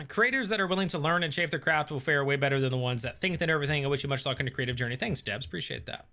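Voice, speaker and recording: A man with a bright, clear voice hosts a relaxed live stream. He reads viewer comments aloud and answers them in an easy, thinking-aloud way, full of ums and uhs. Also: on the high side, very fast. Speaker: host reading live chat. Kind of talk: casual live-stream chat.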